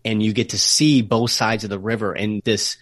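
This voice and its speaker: Lower-voiced man explaining travel history. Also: fairly even intonation, fairly bright tone, dry recording, studio quality. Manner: explanatory, slows to stress key words. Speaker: travel podcast co-host. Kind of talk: casual podcast chat. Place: remote call recording.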